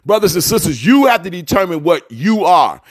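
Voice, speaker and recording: High-voiced, animated preaching man. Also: a little fast, breathy edge. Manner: fiery preacher cadence, slangy, calls listeners family; repeats key lines for emphasis. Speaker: motivational radio host. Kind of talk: preached motivational talk.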